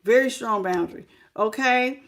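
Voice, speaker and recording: Sassy tarot reader woman, slightly high. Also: moderate pace. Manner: sassy, lively, talks straight to the viewer. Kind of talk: live tarot reading to viewers.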